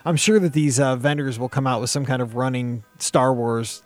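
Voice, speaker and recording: A man's voice: medium pitch, fairly even intonation, moderate pace. A man co-hosting a podcast in casual chat, rambling with many restarts. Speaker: podcast co-host.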